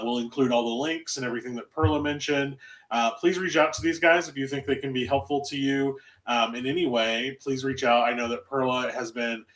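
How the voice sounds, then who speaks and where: A man hosts a webinar over a video call. He is upbeat and fires off quick questions. His tone stays casual. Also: medium pitch, a bit bright, roomy sound. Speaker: webinar host.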